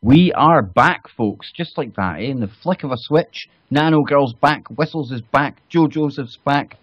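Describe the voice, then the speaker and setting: A man's voice: medium pitch, unhurried, breathy edge, no echo, lo-fi sound. A Scottish man hosting a casual online radio talk show, joking and teasing his co-hosts. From Scotland. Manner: joking, teasing, laughs often. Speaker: show host.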